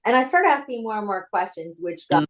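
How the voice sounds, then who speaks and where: This former actress turned screenwriter recounts her story in an interview, talking chattily and with animation by video call from her home office. Her mid-range voice is fairly quick, and the audio quality is poor.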